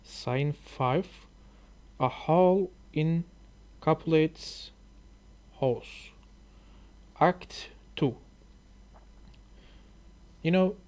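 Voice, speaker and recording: A man reads aloud at an extremely slow, careful pace, his voice sitting a bit high. He is halting and hesitant, stumbling over names and apologizing for his mistakes, and he speaks softly, sometimes slipping into a whisper. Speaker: English learner reading a book aloud. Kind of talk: slow reading aloud for sleep.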